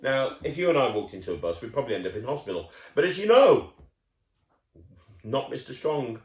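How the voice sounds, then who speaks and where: A man reads a picture book aloud to a young listener, his voice bouncing up and down with lively intonation. He is playful and chatty, stopping for asides. The sound is roomy and echoey. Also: medium pitch, fairly quick. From United Kingdom. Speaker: children's storyteller. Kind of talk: reading a picture book to a child.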